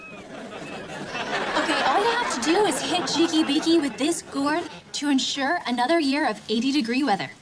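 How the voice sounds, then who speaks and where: This is a playful young woman walking someone through a silly task. Her voice is high and lively. The TV clip carries clear background noise. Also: moderate pace, a loud crowd. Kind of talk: sitcom acting. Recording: noisy TV clip.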